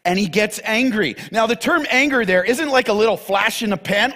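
A man preaching a sermon as pastor, teaching from the Bible with emphatic, animated delivery. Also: high voice, fairly quick.

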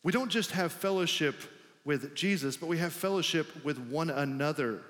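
A man's voice: on the high side, normal speed, a bit bright, in a large hall. A male pastor preaching a sermon in a loose, conversational way, with many filler "like"s.

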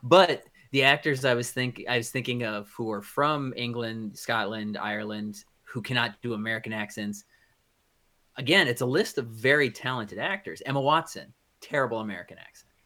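Co-hosting a podcast, a man with a sharp-toned, mid-range voice talks at normal speed in a loose, casual way. His rambling has a blunt edge and many restarts.

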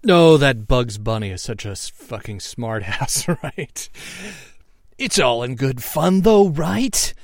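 Male podcast host, mid-pitched, loose and joking with profane asides, very dry close sound. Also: expressive, slow pace, a little mellow, no echo. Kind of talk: casual podcast commentary.

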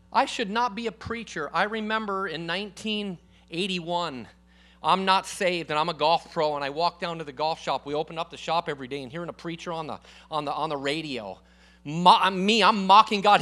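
A man preaching a sermon to a church congregation in a casual, emphatic way, calling out for amens and swinging from loud declarations to quiet asides. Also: high-pitched, moderate pace. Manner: calls for congregation responses. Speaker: guest preacher.

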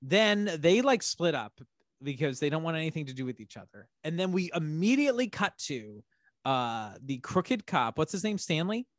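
A man co-hosting a podcast, chatting casually about a TV episode, incredulous and animated, laughing often and swearing. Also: fairly high pitch, moderate pace, dry recording, clean studio sound. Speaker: podcast co-host. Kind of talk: casual chat recapping a TV episode. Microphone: close podcast mic.

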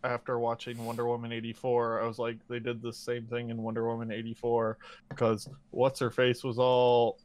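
A man with a medium-pitched voice chats casually about movies at a moderate pace. He swears freely and tells animated stories, acting out little quoted voices along the way.

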